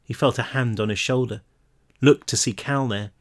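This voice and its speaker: A man, the author, reading his own novel aloud in a home-recorded read-through, emotional and rising in pitch at tense moments. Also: moderate pace. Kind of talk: audiobook-style reading.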